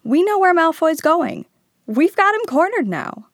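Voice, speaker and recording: A woman voicing an excitable teenage boy wizard, urgent and emphatic. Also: high voice, moderate pace, dry recording, studio quality, voice pushed up. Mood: triumphant.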